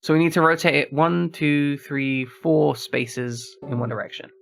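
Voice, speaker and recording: A man streams a horror game, thinking aloud as he works through a puzzle and tossing remarks to his viewers. His voice sits a little high for a man, with a steady gravelly fry running through it. The delivery is loose, unscripted gameplay chatter. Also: a little slow. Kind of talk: casual gameplay commentary.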